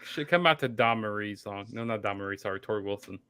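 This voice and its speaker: A man's voice: on the low side, quick pace, pushed and bright, smooth, no room sound. A man co-hosting a casual wrestling podcast, laughing often and correcting his own slips. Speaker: podcast co-host.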